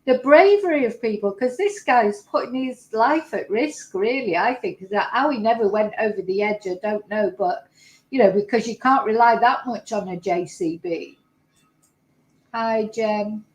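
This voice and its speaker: A woman's voice: medium pitch, normal speed, echoey room, rough recording. A woman commenting live to her viewers on video clips, emotional and exclaiming as she talks. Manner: emotional, exclaiming, tearful at moments. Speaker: YouTuber reacting to videos.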